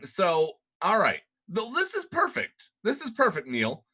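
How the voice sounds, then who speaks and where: A man's voice: sits high, wildly swooping pitch, unhurried, a crowd in the background. A man co-hosting a casual podcast, stammering often and laughing a lot. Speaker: podcast co-host.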